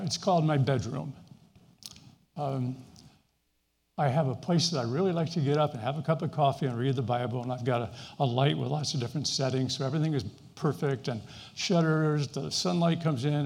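A man's voice: fairly high pitch, fairly quick, vocal fry, darkish tone, big-room sound. A middle-aged man preaching a sermon in an earnest, conversational way, with fillers and restarts. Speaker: pastor.

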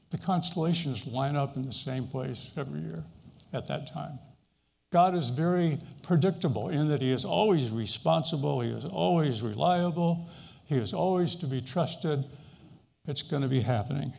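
A man's voice: medium pitch, gravelly, darkish tone, long reverb tail. A middle-aged man preaching a sermon in an earnest, conversational way, with fillers and restarts. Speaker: pastor.

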